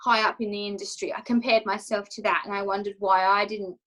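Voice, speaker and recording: A woman's voice: medium pitch, flat delivery, a little fast, a bit bright, rough recording. A woman coach telling her personal story in an interview, emotional and candid, acting out her own inner thoughts as she speaks. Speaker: confidence coach, interview guest.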